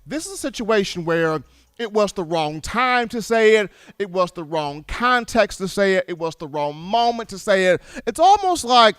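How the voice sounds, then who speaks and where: A man hosting a sports show, giving opinionated commentary in an emphatic, animated way, now and then acting out other people's voices. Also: high-pitched, moderate pace, smooth, no echo, studio quality. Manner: animated, emphatic, acts out voices of fans and relatives.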